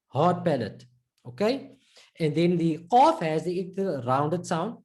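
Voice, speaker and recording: A woman's voice: low voice, expressive, unhurried, mellow. A woman teaching an Arabic pronunciation lesson, patiently explaining and repeating each sound many times as she demonstrates it.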